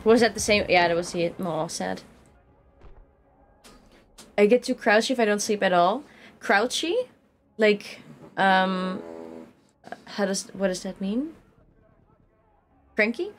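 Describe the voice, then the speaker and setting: Excitable Dutch woman streaming a shooter. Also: medium pitch, slow, long pauses, a little hiss or hum. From Netherlands. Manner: chatty, excitable, breaks into laughs and yelps. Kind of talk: casual gaming stream chat. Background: game gunfire.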